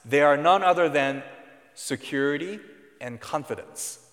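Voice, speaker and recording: A man's voice: fairly high pitch, a little slow, fairly bright tone. A man preaching a sermon in an earnest teaching tone, leaning hard on key words. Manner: earnest teaching tone with emphatic stresses. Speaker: pastor. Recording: long hall reverb.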